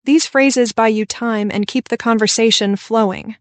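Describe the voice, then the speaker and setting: A woman with a fairly high voice co-hosts a scripted podcast for English learners. She explains tips in a clear, encouraging tone. The sound is dry and close to the mic. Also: fairly even intonation, moderate pace, dry recording. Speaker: podcast co-host.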